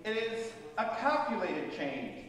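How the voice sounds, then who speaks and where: Man, pastor, storytelling sermon, high-pitched, long church-hall reverb. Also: sing-song, slow pace, background noise. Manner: storytelling, questions to the congregation. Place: church sanctuary. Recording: echoey church hall, voice from far off.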